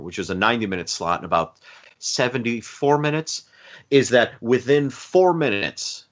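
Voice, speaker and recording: A man's voice: lowish voice, lo-fi sound. A man co-hosting a podcast, chatting casually about a TV movie, rambling with restarts and fillers. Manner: rambling, lots of restarts and fillers, animated retellings. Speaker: podcast co-host. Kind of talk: casual chat reviewing a TV movie.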